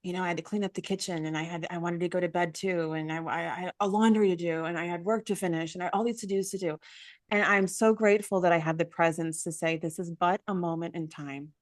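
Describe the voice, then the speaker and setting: Woman, forties, interview host, gushing, emotional, lowish voice, dry close sound. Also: steady tone, quick pace, no room sound. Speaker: summit host. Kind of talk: casual interview chat.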